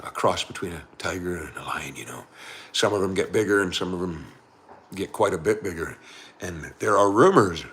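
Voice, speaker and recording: Bright-voiced laughing livestream host man. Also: medium pitch. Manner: laughs often, talks straight to chat. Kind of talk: casual live-stream chat.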